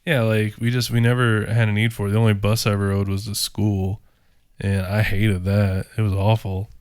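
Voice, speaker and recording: A man's voice: fairly low pitch, little pitch movement, moderate pace, a little mellow, clean tone, no echo, clean studio sound. A man co-hosting a podcast in casual chat, rambling with lots of fillers. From rural area. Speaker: podcast co-host.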